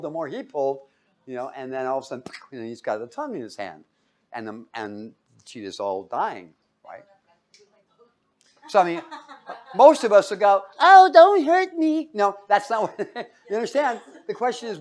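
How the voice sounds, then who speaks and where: This preacher's voice sits fairly high and sounds a little mellow. Leading a Bible study, he gives a casual sermon in a storytelling style, frequently chuckling and asking the people listening questions.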